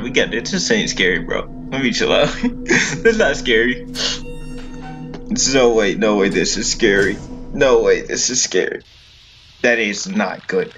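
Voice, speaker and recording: A man giving casual let's-play commentary on a horror game, jittery and repeating himself over and over. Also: medium pitch. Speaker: gaming video creator.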